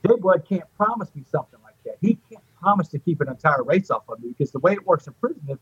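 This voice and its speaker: Fast-talking husky man. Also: a little high, dry recording. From Port Arthur, Texas. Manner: animated, acts out quoted voices. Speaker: guest. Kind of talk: personal storytelling in an interview. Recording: dull lo-fi dry audio.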